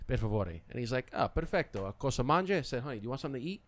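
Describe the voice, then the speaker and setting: A man's voice: medium pitch, rapid-fire. Middle-aged guy on a podcast, loose chatty storytelling, does little voices for people. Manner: animated storyteller who acts out quotes. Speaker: podcast host. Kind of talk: casual chat.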